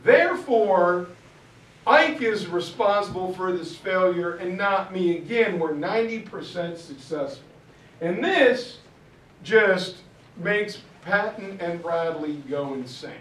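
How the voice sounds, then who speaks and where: A man teaching a history class to parents, telling the story with lively, acted-out quotes from the generals. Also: high voice, slow. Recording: roomy echo, mic at a distance.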